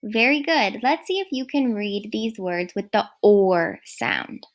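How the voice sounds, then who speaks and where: A woman teaching a recorded first grade phonics lesson, speaking clearly and praising often. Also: mid-range voice, expressive. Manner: slow, clear, encouraging teacher talk.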